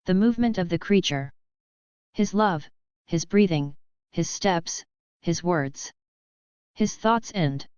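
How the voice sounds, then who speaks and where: A woman giving a slow, measured devotional reading in an even recitation. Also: lowish voice, clean tone, dry recording. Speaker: reader of devotional writings. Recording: dull lo-fi dry recording.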